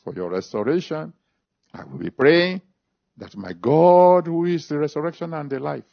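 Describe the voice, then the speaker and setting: Gravelly man preaching a fiery sermon. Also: animated. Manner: emphatic preaching with big pitch swings, slow drawn-out phrases. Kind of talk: sermon with altar call and prayer. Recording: dull lo-fi recording.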